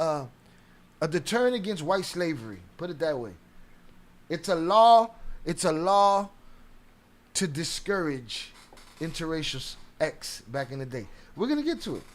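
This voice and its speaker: Animated, profane, high-voiced male streamer. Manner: animated, profane, shouts out chat viewers. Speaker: livestream host. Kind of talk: casual livestream commentary.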